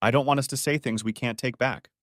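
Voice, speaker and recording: A man's voice: on the low side, sing-song, a little slow, dry recording, clean studio sound. A man voicing a mocking, scheming wife. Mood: patronizing. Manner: sneering then smoothly patronizing.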